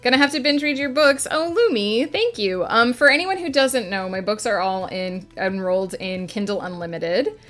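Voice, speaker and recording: A woman's voice: mid-range voice, lively intonation, normal speed, fairly bright tone, faint music behind. A woman streaming a writing session, chatting casually with her audience and answering chat between filler words.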